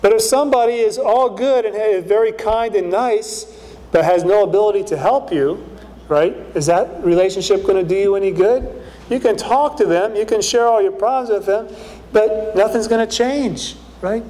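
A man's voice: sits high, moderate pace, dark tone. A middle-aged male pastor preaching a sermon in a casual, conversational way, often checking in with the congregation. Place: church hall. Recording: long hall reverb.

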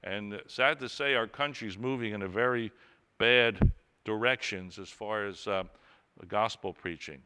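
A man's voice: lowish voice, a little slow, sharp tone, smooth, in a large hall. A man preaching a sermon, earnestly reading and explaining scripture with rising emphasis.

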